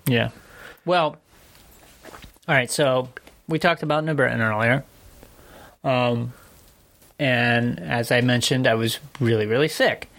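A man's voice: medium pitch, slow pace, creaky, long pauses, fairly bright tone. A man co-hosting a podcast in casual chat, talking bluntly and swearing freely. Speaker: podcast co-host.

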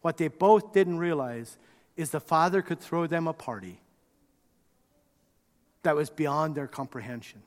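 A man preaching a sermon, telling the story in an animated way and acting out the quotes. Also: on the high side, measured pace, long pauses. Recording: reverberant hall.

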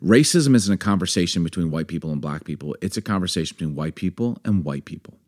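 A man in his forties co-hosts a candid podcast conversation. His voice sits low but swings widely in pitch as he argues with rising passion, hammering his points home. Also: expressive, quick pace, darkish tone. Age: 40s. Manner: impassioned, emphatic, builds to anger. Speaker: podcast co-host.

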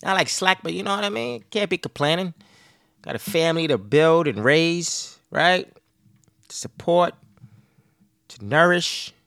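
A man's voice: a little high, animated, unhurried, creaky, pauses often, a bit bright, clear, resonant tone, no room sound, clean studio sound. A man in his thirties hosting a podcast, rambling casually and profanely about family life, laughing often. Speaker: podcast host.

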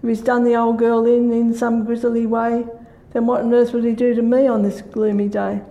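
An older woman recites her own rhyming verse as a radio guest. Her voice is gravelly and mellow, a little high. Her delivery stays flat and measured. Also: lo-fi sound. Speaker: guest poet. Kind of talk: reading rhyming poems aloud.

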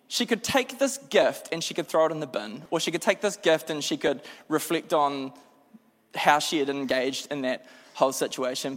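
Humorous New Zealand preacher in a hall. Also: male voice, a little high. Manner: lively humorous storyteller, self-deprecating. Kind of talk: storytelling sermon. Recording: long hall reverb.

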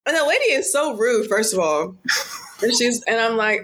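A woman's voice: fairly high pitch, animated, normal speed, fairly bright tone, breathy edge. Chatty young woman telling stories. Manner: chatty storyteller, many "like" fillers. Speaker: podcast co-host, daughter. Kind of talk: casual podcast chat.

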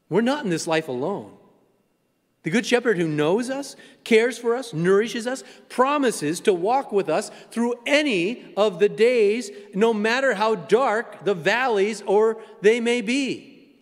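Pastor, male, high voice, rhythmic sermon delivery that drops to hushed tones, long church reverb. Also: animated, unhurried. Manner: repetitive preaching cadence, sinks to hushed, near-whispered close. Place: church sanctuary.

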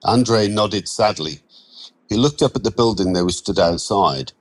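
A man narrating a short story in a calm, measured reading. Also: low voice, low-quality recording.

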